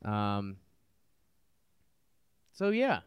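A man's voice: lowish voice, wildly swooping pitch, very slow, clear, resonant tone, no echo. A man co-hosting a podcast in casual chat, rambling with lots of fillers and restarts. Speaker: podcast co-host.

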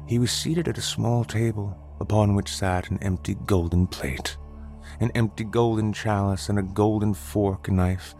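A man narrating a scripted horror story in a measured, dramatic storytelling manner. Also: sits low, a little mellow.

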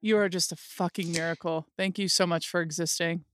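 A woman's voice: on the low side, fairly even intonation, a little fast, dry recording, clean studio sound. A woman co-hosting a podcast who speaks with effusive gratitude and swears for emphasis. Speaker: podcast co-host. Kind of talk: casual conversation.

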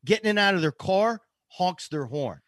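A man from Boston co-hosting a podcast, telling a self-mocking anecdote in an animated, comic way. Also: high-pitched, normal speed, no room sound. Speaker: podcast co-host. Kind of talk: casual comedic storytelling.

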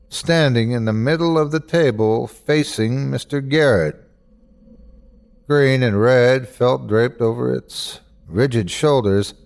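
A male host narrating a horror story in a measured voice that builds suspense. He speaks slowly and lets his pitch rise and fall widely. His reading is dramatic throughout. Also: gravelly, a little mellow.

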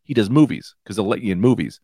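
A man in his thirties hosting his own comedy podcast, high and rambling loosely from one tangent to the next. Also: animated, quick pace, warm tone, no echo, studio quality. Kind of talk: casual comedic monologue. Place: small room with lights out.

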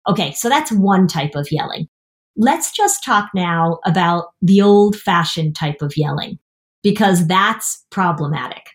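A middle-aged woman therapist talking on a podcast, explaining things and acting out parent and kid quotes. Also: on the low side. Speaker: therapist and anxiety expert. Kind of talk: podcast talk.

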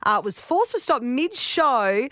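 An Australian woman co-hosting breakfast radio, with a lively voice that swings up and down a lot. She teases and laughs along with the callers. The sound is dry and close. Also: high-pitched, slow pace, no room sound. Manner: laughing, teasing reactions.

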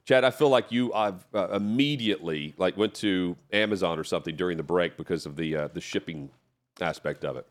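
A man's voice: low voice, fairly quick. A man co-hosting a radio talk show, chatting casually and reading an ad in an easygoing way. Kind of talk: casual sports radio chat and live ad read.

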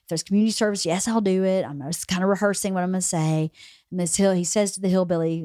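A woman's voice: lowish voice, fast talker, dark tone, no echo, studio quality. A woman hosting a podcast, telling a funny personal story in casual chat and laughing through it. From small rural town in the US. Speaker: podcast host.

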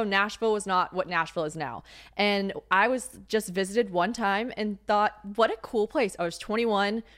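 A woman in her late twenties, a podcast host, chatting casually with lots of swearing and self-mocking asides. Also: medium pitch. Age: 20s. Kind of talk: casual chat.

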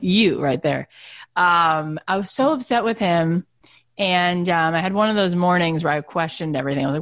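A woman's voice: fairly quick, dry recording. A middle-aged woman hosting a podcast in casual chat, telling stories and acting out quotes. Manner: animated storyteller, acts out quotes in high voices. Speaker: podcast host.

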